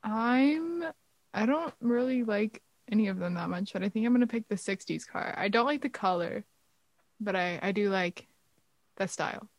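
A woman's voice: mid-range voice, expressive, moderate pace. A young woman co-hosting a podcast, joking playfully and laughing often in casual chat. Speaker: podcast co-host.

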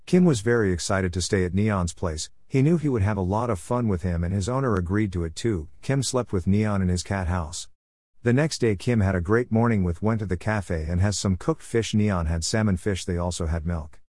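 A man reading a story aloud chapter by chapter, halting now and then with small restarts. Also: deep voice, a little mellow, dry recording, studio quality.

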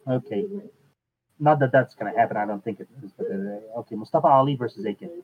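Man on a tinny phone-like line. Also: on the low side. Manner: unhurried, fills pauses with "uh" and restarts. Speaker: podcast host. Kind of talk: casual chat.

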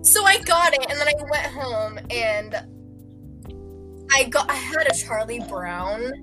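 A woman's voice: high voice, animated, unhurried, music in the background, rough recording. A young woman casually telling a rambling story, giggling and acting out what people said. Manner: rambling, giggly, acts out quotes. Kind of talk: casual chat.

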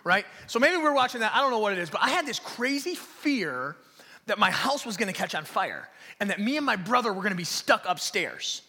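A male pastor preaching a sermon live in a church hall, telling stories in an animated way and dropping to hushed, near-whispered emphasis. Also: high voice, a little fast, husky. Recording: long reverb of a large hall.

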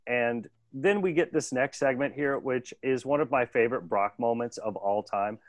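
A man casually recapping a cartoon episode with a co-host, animated and laughing often. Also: mid-range voice, no echo. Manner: animated, laughing, doing quick voices. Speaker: podcast co-host.

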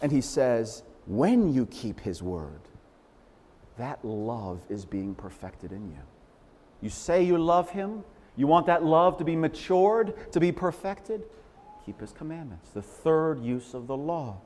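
Animated preacher man in a reverberant hall. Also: medium pitch, slow pace. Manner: animated, emphatic preaching with repeated phrases. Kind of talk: sermon.

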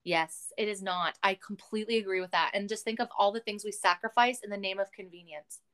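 A Canadian woman hosting a podcast, chatting casually in an animated, ranting way and swearing often. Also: medium pitch, a little fast. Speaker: podcast host.

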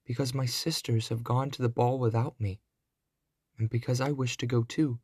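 A man voicing a sad, gentle young girl in a storybook reading, speaking softly and pleading. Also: mid-range voice, fairly even intonation, moderate pace, husky, no room sound, clean studio sound, close to an everyday voice.

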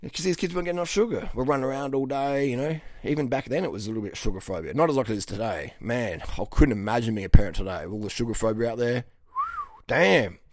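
A man's voice: mid-range voice, animated, fast, dry recording, studio quality. A middle-aged man from Western Australia, a coach talking bluntly and profanely, often asking "okay?". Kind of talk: casual monologue to camera.

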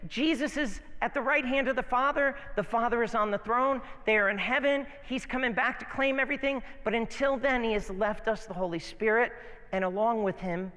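A male pastor delivers an animated, playful sermon, often repeating his phrases. His voice is high and bright. The church hall gives it a long reverb. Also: brisk.

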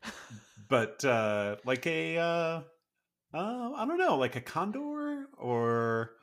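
A man's voice: a little high, big pitch swings, takes it slowly, a bit bright. A man co-hosting a podcast, chatting casually, rambling with fillers and laughing often. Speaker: podcast co-host. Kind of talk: casual chat.

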